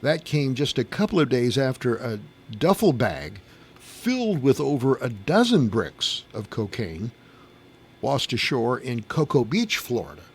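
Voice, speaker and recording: A man's voice: mid-range voice, big pitch swings, a little slow, slightly rough. A middle-aged man hosting a morning radio show, reading news items and chatting casually with his co-hosts. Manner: chatty, reads news then banters with laughs. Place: radio studio.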